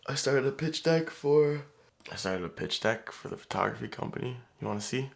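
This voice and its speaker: A man's voice: medium pitch, lively intonation, a little fast, gravelly. A young man chatting casually in a vlog, laid-back and laughing, with casual swearing. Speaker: vlogger.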